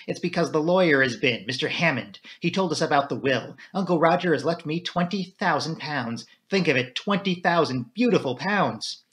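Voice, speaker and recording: A man's voice: on the high side, animated, normal speed, few pauses, fairly bright tone. A man voicing an impulsive, spirited young woman who speaks in eager bursts.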